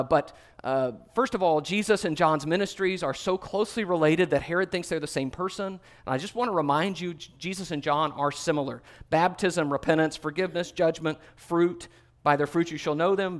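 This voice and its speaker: A man teaching a Bible study class in a conversational way, with many fillers and small self-corrections. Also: on the high side.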